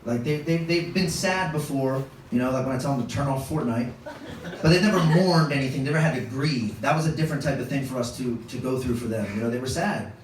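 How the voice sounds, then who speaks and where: A man's voice: medium pitch, fast talker, background noise. A man in his thirties doing a storytelling stand-up comedy set on a club stage, wry and self-deprecating. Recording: echoey club room, distant mic, audience laughter.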